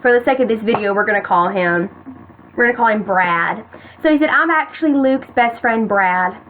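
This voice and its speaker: A woman's voice: medium pitch, moderate pace. A woman in her late teens telling a personal story to the camera in casual storytime style, full of "like" and "you guys". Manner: chatty, many "like"s, keeps addressing "you guys". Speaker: vlogger. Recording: tinny phone-like audio, faint hiss.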